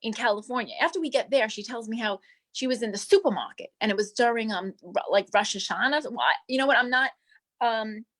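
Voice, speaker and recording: A gossipy celebrity manicurist, played by a comic actress, rambles through Hollywood tales in a breezy tone. Her voice sits a little high, and she sprinkles every story with darling and doll. It is an improvised comedy interview. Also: fairly quick, a bit bright. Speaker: guest.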